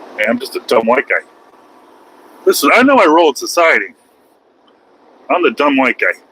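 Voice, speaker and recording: Folksy trucker man with a bright voice. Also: medium pitch, very animated, normal speed, husky, poor audio. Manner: folksy, rambling, self-mocking. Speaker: truck driver vlogger. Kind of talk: casual driving vlog. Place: truck cab on highway.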